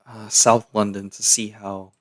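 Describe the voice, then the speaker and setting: A man's voice: on the low side, flat delivery, measured pace. A young man from Canada, chatting casually and slangily to his live-stream chat.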